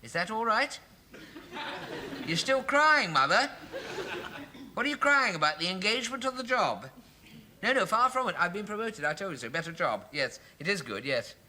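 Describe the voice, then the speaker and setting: This is a fussy, flustered office clerk in a 1970s sitcom. His voice is fairly high and very bright, and it swoops about as he giggles. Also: big pitch swings, moderate pace, pauses often, slight background noise, heavily acted. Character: fussy, excitable office clerk man, mother-ruled. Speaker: sitcom lead actor. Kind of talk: 1970s television sitcom acting.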